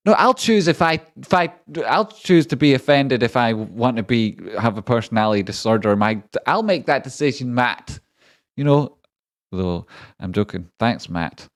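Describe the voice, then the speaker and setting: A man's voice: mid-range voice, no room sound. A man hosting a live stream, rambling and joking casually with viewers and swearing now and then. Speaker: livestream trading host.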